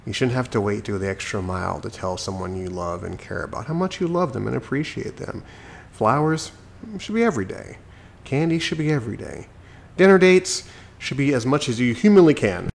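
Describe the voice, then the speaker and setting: A man's voice: mid-range voice, animated, brisk, creaky. A sick man hosting his own podcast, talking alone into a microphone in a chatty, preachy, self-mocking way. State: sick, recovering from illness. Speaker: podcast host. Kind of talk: solo podcast monologue. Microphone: desk microphone.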